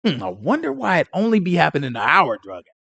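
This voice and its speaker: Animated, lively-pitched man teaching a congregation. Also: fast talker, vocal fry, husky, dry recording. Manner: animated and conversational, full of rhetorical questions. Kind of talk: informal Sabbath teaching.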